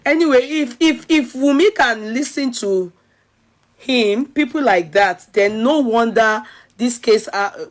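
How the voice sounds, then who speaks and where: A Nigerian woman with a Yoruba accent talks casually in a slightly high voice. She asks questions and slips between English and Yoruba. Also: expressive, slow pace. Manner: mixes English with Yoruba, questioning, laughs often. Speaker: commentator. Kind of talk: casual chat.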